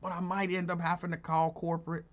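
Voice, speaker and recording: A man's voice: sits high, completely flat delivery, fast talker. A man hosting his own show, telling rambling stories in a casual chat and laughing often. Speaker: show host.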